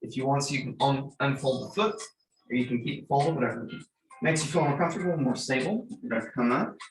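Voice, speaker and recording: A man in his thirties leading a gentle yoga class, giving calm cues for breath and movement with light joking asides. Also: mid-range voice, fast, slight background noise. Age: 30s. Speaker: yoga instructor. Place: church room. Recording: roomy, from far off the mic.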